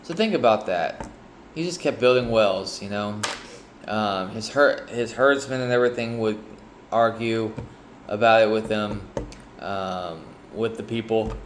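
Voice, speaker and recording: Low-voiced man reading scripture. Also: unhurried, slight background noise. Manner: hesitant, with frequent ums and restarts. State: sleepy, yawning. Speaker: Bible reader sharing reflections. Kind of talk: casual Bible reading with personal reflection.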